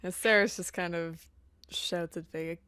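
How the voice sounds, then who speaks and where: A woman's voice: on the low side, steady tone, normal speed, crowd noise. A woman playing in a tabletop game, loosely narrating what her character does, with fillers and hesitations. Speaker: player.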